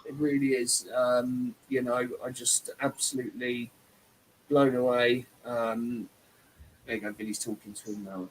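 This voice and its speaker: A man's voice: mid-range voice, level tone, a little slow, slight background noise, low-quality recording. A man hosting a casual live-stream chat, rambling and effusive, with lots of fillers and restarts. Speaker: host.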